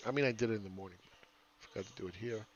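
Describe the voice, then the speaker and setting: A man's voice: fairly low pitch, fast talker, dull audio, a little hiss or hum. A man giving casual, rambling live chart commentary as a market analyst, often asking "right?".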